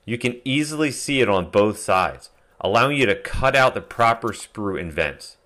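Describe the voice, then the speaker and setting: A man calmly narrating a step-by-step metal casting tutorial as a voice-over. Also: lowish voice, normal speed. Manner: calm step-by-step explaining. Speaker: DIY metal casting channel host.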